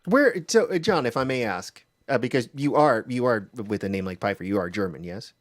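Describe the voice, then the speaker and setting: A man chatting casually on a video call as an open mic regular, chummy and quick with agreeing interjections. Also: mid-range voice, animated, dry recording, studio quality. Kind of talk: casual chat.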